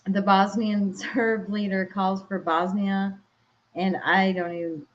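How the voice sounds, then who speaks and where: A woman's voice: medium pitch, little pitch movement, slow pace, slight background noise. Minnesotan woman co-host, casual rambling delivery, slightly dull lo-fi sound. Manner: rambling, searches for words, laughs easily. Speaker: podcast co-host. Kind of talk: casual chat.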